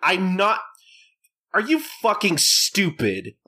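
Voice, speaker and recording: A man playing a blunt, irritable swordsman, fed up and mocking. The voice leaps around as he snaps, bright and edgy on every retort. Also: high-pitched, wildly swooping pitch, slow pace, voice pushed up, heavily acted. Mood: exasperated.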